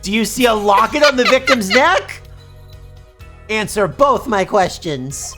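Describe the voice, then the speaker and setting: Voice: mid-range voice, big pitch swings, measured pace, fairly bright tone, soft background music. A player reading aloud as an earnest young defense attorney from a video game.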